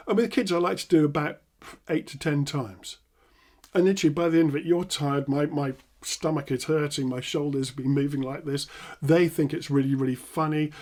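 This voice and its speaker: Animated English hypnotherapist man. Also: on the high side. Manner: animated, acts out laughing prompts with loud bursts. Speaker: hypnotherapist teaching NLP. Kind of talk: instructional talk with demonstrations.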